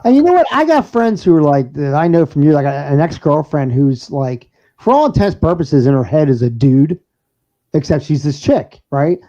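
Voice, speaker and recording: A man's voice: on the high side, very animated, normal speed, mellow. A man co-hosting a casual podcast, rambling through stories with frequent laughs and restarts. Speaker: podcast co-host and DJ. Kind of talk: casual banter. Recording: dull lo-fi sound.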